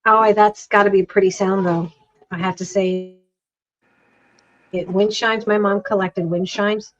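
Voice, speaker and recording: A woman's voice: medium pitch, steady tone, a little slow, muffled recording. Chatty woman crafting on a livestream. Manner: chatty, rambling, self-interrupting. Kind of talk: casual livestream chat while crafting.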